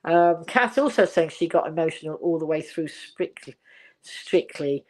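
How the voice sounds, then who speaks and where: A woman's voice: sits low, expressive, moderate pace, a little mellow. An older woman from England hosting a casual live chat at home, rambling cheerfully, laughing often and reading viewer comments aloud. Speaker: livestream host.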